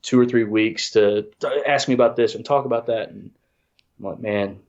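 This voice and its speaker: A man's voice: medium pitch, steady tone, brisk, darkish tone. A congested man telling a rambling, self-deprecating story in casual chat, full of restarts. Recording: dull lo-fi audio.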